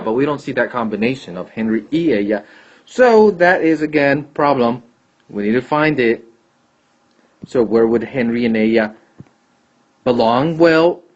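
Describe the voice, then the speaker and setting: A man teaching a Spanish grammar lesson, patiently repeating and checking answers aloud. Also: on the high side. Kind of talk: classroom lesson explaining grammar. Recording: dull lo-fi recording.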